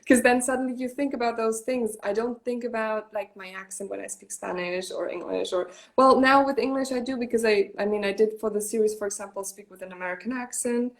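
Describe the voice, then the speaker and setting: A woman's voice: a little high, fairly even intonation, a little fast, few pauses. A woman from Germany, a German native speaker, chatting as an actress guest in an interview and talking freely with many "like" fillers and restarts. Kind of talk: casual interview chat.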